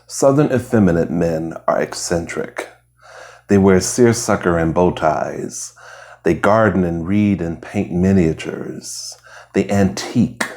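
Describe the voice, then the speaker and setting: A man with a very low voice reads essays aloud for ASMR listeners. His delivery is slow and hushed, drifting into whispers at times, on a plain lo-fi recording. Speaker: reader. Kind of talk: soft ASMR reading of essays. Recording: lo-fi home recording.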